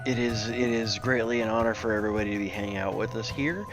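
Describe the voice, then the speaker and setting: A man with a low voice chats as a player in a tabletop game and reads out thanks. He talks haltingly with fillers and laughs easily. Clear music plays under him. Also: fairly even intonation. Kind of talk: casual chat, reading thanks to sponsors.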